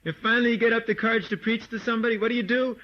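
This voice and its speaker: A man giving a lively, informal lecture to devotees, mimicking people and laughing as he talks, recorded on an old tape. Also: very high voice, rapid-fire. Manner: animated, mimics voices, laughs often. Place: meditation hall or farmhouse room. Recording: dull lo-fi 1979 tape recording.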